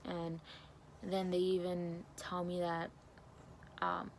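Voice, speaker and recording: A young woman tells a personal story straight to her viewers, earnest and emotional, acting out the lines of the people around her. Her voice sits fairly low and stays quite flat. A faint background hiss runs under it. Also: rough recording. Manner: emotional, earnest retelling with quoted dialogue. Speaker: vlogger.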